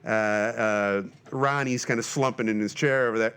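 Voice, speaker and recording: A man's voice: fairly low pitch, fairly even intonation, moderate pace, hardly any pauses, fairly bright tone, clear, resonant tone. A man hosting his own podcast, talking in a jokey, rambling, self-deprecating way in a casual monologue. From Northern Michigan. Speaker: podcast host.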